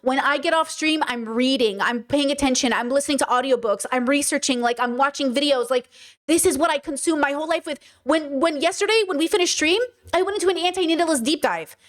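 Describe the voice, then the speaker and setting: A young woman with a high voice talks to her chat on a livestream. She answers their comments emphatically, and her voice climbs into loud, passionate peaks. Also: a little fast. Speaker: streamer reading chat.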